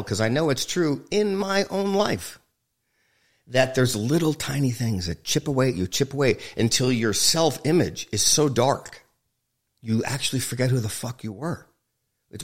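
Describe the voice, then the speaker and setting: A man, a film director, talking frankly and emphatically as a guest in an interview, swearing freely and joking. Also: mid-range voice. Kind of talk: candid interview conversation.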